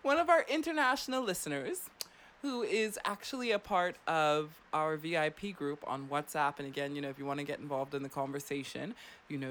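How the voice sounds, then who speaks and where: A woman's voice: sits low, fairly bright tone, a little hiss or hum. A young woman hosting a late-night radio show from a studio, chatty and teasing, laughing often. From Bahamas.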